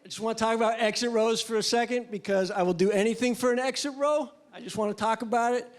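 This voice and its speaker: A male stand-up comedian doing a crude, deadpan, rambling set on a club stage into a handheld mic. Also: very high voice, fast talker. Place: comedy club stage before a live audience. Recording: live club with loud crowd noise.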